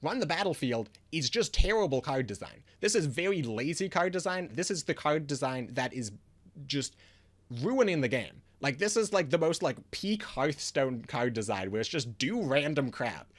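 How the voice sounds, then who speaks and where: A man's voice: a little high, sing-song, normal speed. A man giving a casual video review of a card game, ranting in frustration with lots of restarts and fillers.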